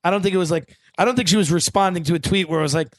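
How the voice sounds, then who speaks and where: A man's voice: sits high, rapid-fire, dry recording. A man hosting a podcast, chatting casually and riffing provocatively with crude jokes. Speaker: podcast host. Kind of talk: casual comedic chat.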